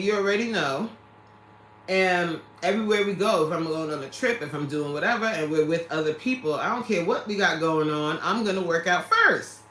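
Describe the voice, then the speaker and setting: A woman's voice: fairly low pitch, pushed and bright, reverberant. A woman hosting a casual livestream who reads out viewer comments, laughing often and talking straight to her viewers. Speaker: livestream host reading chat.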